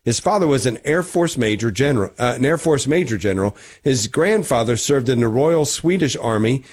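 A radio co-host, a man with a husky, slightly breathy voice. His pitch moves a lot as he reads the day's history items. He drops dry jokes and trips over a word now and then. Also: a little mellow. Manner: joking, wry asides; reads segments with stumbles. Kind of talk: casual morning radio chat.

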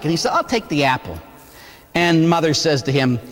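Animated priest in a reverberant church. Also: male voice, fairly high pitch, normal speed. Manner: animated, swings between hushed and exclaiming. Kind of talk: sermon with storytelling.

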